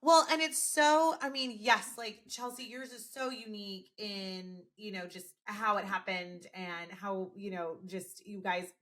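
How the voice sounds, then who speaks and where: Lady podcast host, average pitch, affirming the guests and asking the next question. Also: fairly even intonation, a little slow, few pauses. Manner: warm, affirming, with frequent encouraging interjections. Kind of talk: interview conversation.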